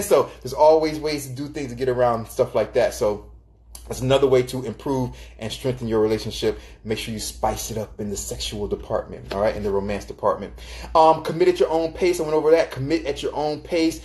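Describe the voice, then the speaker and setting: A man hosting a live stream in a loose, chatty way, offering relationship tips. His voice sits in an ordinary middle pitch, and he keeps stopping to greet viewers by name. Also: a little fast, a little mellow. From Florida, United States. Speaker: live stream host giving relationship advice. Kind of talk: casual live-stream talk.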